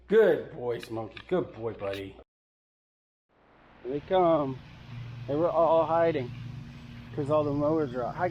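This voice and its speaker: A man casually vlogging through a camera review, chatty and relaxed and laughing easily, recorded on a built-in action camera mic. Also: medium pitch. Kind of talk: casual vlog chat. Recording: noisy outdoor action-camera audio.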